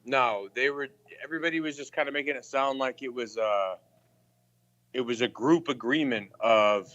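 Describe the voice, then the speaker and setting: A man's voice: medium pitch, moderate pace, fairly bright tone, no room sound, lo-fi sound. Rambling, defensive male caller. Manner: defensive, rambling, heavy swearing. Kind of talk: casual call-in chat.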